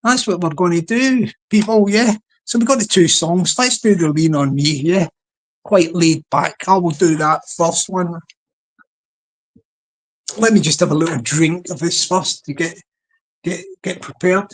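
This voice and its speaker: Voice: medium pitch, unhurried. A live-stream host, chatting casually to a small online audience in a rambling way, often restarting sentences.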